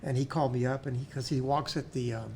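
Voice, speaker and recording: A man's voice: medium pitch, steady tone, fast talker, vocal fry, darkish tone, slight background noise. A man, a pharmacy owner and school board member, talking earnestly in a casual interview and often restarting his words.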